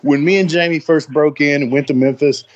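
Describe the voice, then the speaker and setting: A man's voice: on the high side, fairly even intonation, fairly quick, muffled recording. A man hosting a podcast in loose casual chat, laughing often and swearing freely. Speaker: podcast host.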